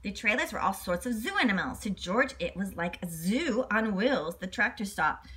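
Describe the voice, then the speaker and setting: A woman reading a children's picture book aloud in an expressive, slightly halting way. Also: medium pitch, husky. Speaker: storyteller.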